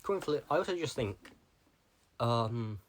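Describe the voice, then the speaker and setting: A man's voice: medium pitch, lively intonation, unhurried, slight background noise. A young man talking casually to the camera, rambling from one tangent to the next with lots of filler words. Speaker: vlogger.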